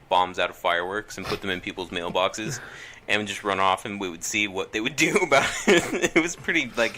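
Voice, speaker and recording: A man's voice: fairly low pitch, bright, forceful tone, slight background noise. A young man telling a story in a casual podcast chat, hesitant with many ums and restarts.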